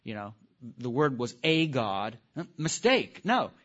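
A man teaching a live class in a lively lecture, putting questions to the audience and stressing key words. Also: mid-range voice, slow. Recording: dull lo-fi recording.

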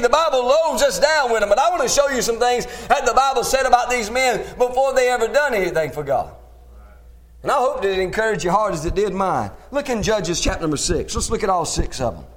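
A man preaching a sermon in a folksy, plain-spoken way, rising to emphatic shouts and punctuating his points with amen. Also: sits high.

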